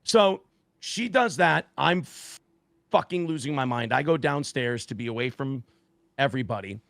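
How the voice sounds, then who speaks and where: A man, a guest on a talk stream, telling a story in a casual, profane, animated way and acting out the quotes. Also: mid-range voice, moderate pace, gravelly, no echo.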